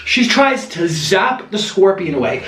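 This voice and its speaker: A young man tells a story with big animated swings, his voice riding high and breaking into laughter as he eats. The room around him is echoey. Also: unhurried. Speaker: vlogger. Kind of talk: storytime while eating.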